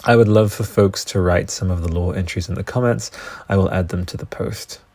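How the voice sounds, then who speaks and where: Excitable, swearing podcast host; low fry-laden voice, tangents galore. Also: male voice, fairly quick, dry recording. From Australia. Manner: excitable, profane, tangent-prone. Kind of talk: casual solo podcast rambling.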